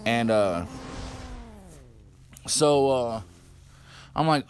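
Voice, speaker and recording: A man's voice: medium pitch, expressive, takes it slowly, pauses often, a little hiss or hum. Rambling, profane middle-aged man storyteller. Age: 50s. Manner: rambling, profane, lots of fillers. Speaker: vlogger. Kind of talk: casual storytelling.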